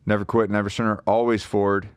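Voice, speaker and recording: A man's voice: fairly low pitch, flat delivery, fast talker. A man hosting a podcast, talking casually and wrapping up with direct, punchy calls to the audience. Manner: direct, punchy sign-off lines. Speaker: podcast host.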